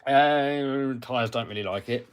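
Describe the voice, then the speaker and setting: A man from England with a medium-pitched, clean-toned voice hosts a casual radio-control car live stream, chatting while he works on a model car. He reads out viewer comments and answers them, muttering to himself as he cleans parts.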